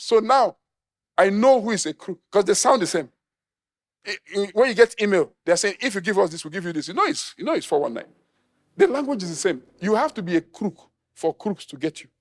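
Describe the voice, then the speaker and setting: A middle-aged pastor from Nigeria preaches with humor, acting out the people he quotes. His voice sits high for a man and swings widely up and down as he drives his points home. It is an animated sermon delivery throughout.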